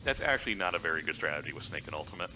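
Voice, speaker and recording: A man's voice: rumbling low, expressive, racing, background noise. A young man co-commentating a game stream with dry joking banter. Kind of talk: casual commentary.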